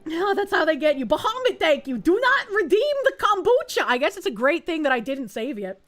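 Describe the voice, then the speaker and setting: Sex: woman. Role: playful streamer with high, lively voice. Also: brisk. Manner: playful, swearing, laughing. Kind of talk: casual gaming commentary, reading chat.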